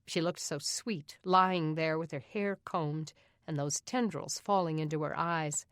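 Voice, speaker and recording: A woman narrating an audiobook in an even, steady reading voice. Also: deep voice, a little slow, smooth, dry recording, studio quality. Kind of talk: scripted narration.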